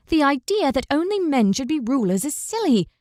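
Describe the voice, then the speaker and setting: Quick-tempered young noblewoman, read by a woman, sharp and indignant, bright higher voice, fantasy audiobook. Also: big pitch swings, no echo, clean studio sound.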